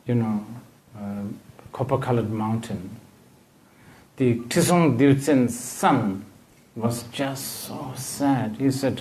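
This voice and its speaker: Man, Bhutanese accent, Buddhist teacher, dharma talk, very slow, hesitant fillers, mid pitch. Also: a little mellow. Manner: halting, hesitant phrasing with frequent fillers.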